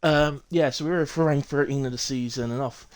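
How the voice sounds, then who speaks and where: A man's voice: medium pitch, brisk, a little hiss or hum. Chatty Bristolian man streaming. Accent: Bristolian English. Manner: chatty, rambling, with frequent ums and self-corrections. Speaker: sim racing league streamer. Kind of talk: casual live-stream commentary.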